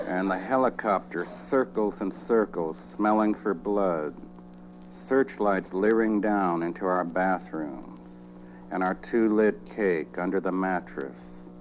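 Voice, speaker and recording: A man reading spoken-word poetry in a dry, deadpan, measured way. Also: low-pitched, rough recording.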